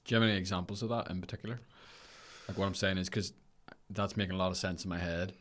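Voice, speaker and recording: A male podcast host with a bright, forward voice pitched a little low. He chats casually and throws in quick jokes between questions. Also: fairly even intonation. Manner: jokey, quick reactions. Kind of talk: casual interview chat.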